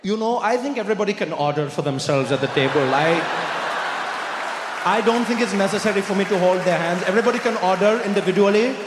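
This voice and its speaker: A man performing a stand-up comedy set, telling his story in an animated way on a live stage. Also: high voice, fast. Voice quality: animated storytelling, swings between voices. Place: large live comedy venue. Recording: roomy hall, live crowd noise.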